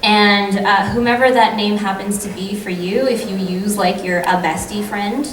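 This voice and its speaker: A woman's voice: mid-range voice, fairly even intonation, normal speed. A woman voice actor answering audience questions on a convention panel in a chatty, eager way. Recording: echoey hall, distant mic, noisy crowd.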